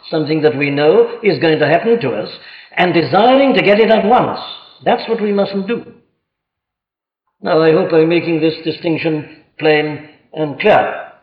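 Animated male preacher, echoey old recording. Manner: reads scripture aloud in old formal wording, then explains it; animated, emphatic delivery with wide pitch swings. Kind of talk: expository sermon. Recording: echoey, dull lo-fi sermon recording.

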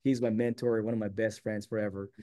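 A man's voice: fairly low pitch, fairly quick. A man from San Diego, a guest on an interview show, telling a long personal story in a casual way and acting out the quoted lines. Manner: animated, acts out quoted dialogue.

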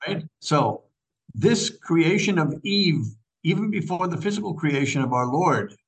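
Older priest, slightly high voice. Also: male voice, animated, a little slow, rough recording. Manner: repeats phrases, storytelling. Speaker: priest and author guest. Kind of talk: radio interview.

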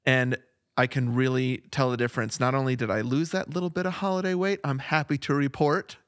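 A man's voice: mid-range voice, steady tone, a little fast, fairly bright tone, no echo, studio quality. A man co-hosting a podcast, chatting casually and laughing easily while reading ads and talking about his week. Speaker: podcast co-host. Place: home studio, Flagstaff.

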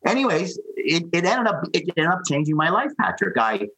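Lively, husky man telling stories. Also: sits high, brisk, rough recording. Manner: animated, tells stories acting out quotes. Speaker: guest. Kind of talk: storytelling in a podcast interview.

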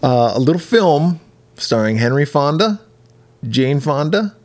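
A man's voice: fairly high pitch, sing-song, a little slow, a little mellow. A man hosting a podcast in casual chat; he is laid-back, laughs often and swears casually. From United States. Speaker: podcast host.

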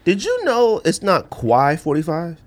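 A man's voice: fairly high pitch, huge pitch swings, normal speed. A young man co-hosting a podcast, chatting casually and joking, laughing often. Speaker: podcast co-host. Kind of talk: casual chat.

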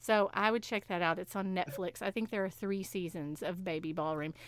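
A woman's voice: lowish voice, steady tone, brisk, smooth, dry recording. A woman co-hosting a podcast, chatting casually and animatedly about shows and laughing often. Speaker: podcast co-host. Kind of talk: casual chat.

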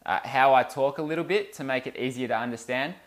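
A man's voice: medium pitch, fast talker, background noise. A man with an Australian accent, hosting a casual vlog and talking to viewers in a plain, direct way. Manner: plain-spoken, asks viewers questions directly. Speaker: swimming coach and channel host.

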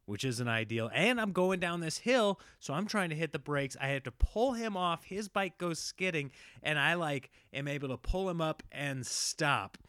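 A man in his thirties telling a family story in a casual, animated way, with jumps up in pitch when he quotes his kids. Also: normal speed, clear, resonant tone, dry recording, studio quality. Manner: animated, voices his kids in high squeals.

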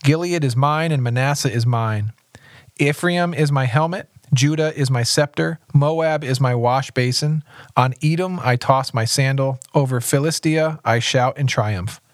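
Man, pastor, podcast scripture reading, measured, steady, middle pitch, dry sound. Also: no echo.

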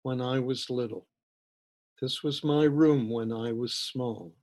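A man reading aloud who voices a calm, eerie male intruder in a quiet, dreamy, unhurried way. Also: mid-range voice.

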